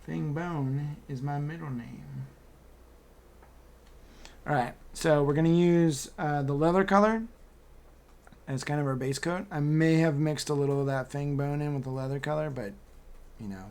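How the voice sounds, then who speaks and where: A man's voice: on the high side, normal speed, a little mellow, smooth. A man teaching a miniature painting class over a video call, talking casually and joking as he works. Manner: casual, joking, chatty while working. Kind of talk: live online painting class. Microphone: computer mic on video call.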